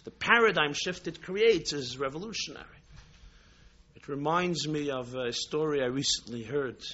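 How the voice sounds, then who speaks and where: A man from New York, a rabbi, telling a story in a sermon, animated and repetitive with frequent restarts. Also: medium pitch, dull audio.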